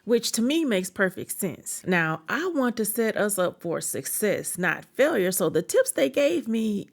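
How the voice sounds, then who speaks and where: A woman's voice: lowish voice, creaky. A woman, a mother narrating a casual voice-over and chatting directly to her viewers. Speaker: vlogger, mother of three.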